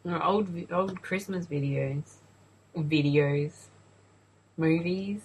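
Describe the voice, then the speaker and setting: Australian woman co-host, husky, low, loose swearing movie chat. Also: slow pace, highs cut off. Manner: swearing, laughing, filler-heavy chat. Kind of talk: casual movie watch-along commentary.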